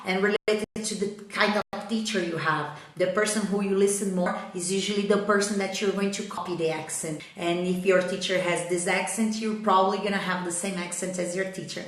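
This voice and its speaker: A woman's voice: on the low side, a bit bright. A woman from Brazil with a Brazilian Portuguese accent, giving a motivational English lesson on a live stream and checking in with her audience often. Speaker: English teacher. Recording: very echoey room.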